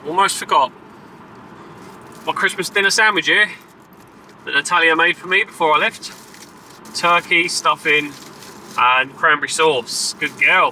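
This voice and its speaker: A man chatting casually and excitedly to camera as a travel vlogger, driving and walking about. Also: fairly high pitch, a little hiss or hum, rough recording. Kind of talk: casual travel vlog chat. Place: in a car and outdoors.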